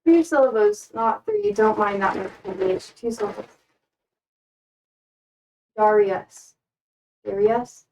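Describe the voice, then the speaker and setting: A woman's voice: mid-range voice, slow pace, pauses often, dark tone, slight background noise. Young American woman streamer, playful and self-deprecating, slightly distant from the mic. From United States. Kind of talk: casual chat while repotting plants.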